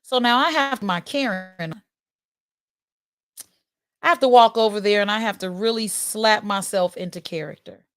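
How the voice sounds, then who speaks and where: A woman in her forties hosts a live-stream talk show with an animated, candid storytelling style. She slips into other people's voices as she speaks. Her pitch sits in the middle, and the sound is dry and close. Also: normal speed, pauses often, no room sound. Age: 40s.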